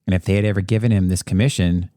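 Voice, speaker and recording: A man's voice: sits low, steady tone, rapid-fire, warm tone, no echo, clean studio sound. A man co-hosting a history podcast, chatting about a film in a conversational, enthusiastic way. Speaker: podcast co-host. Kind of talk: casual history discussion.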